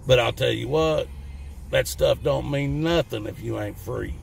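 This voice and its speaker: A middle-aged Southern US man hosts his own channel, ranting bluntly to camera in a folksy, cussing way. His voice is medium-pitched, creaky, and measured, with faint music behind.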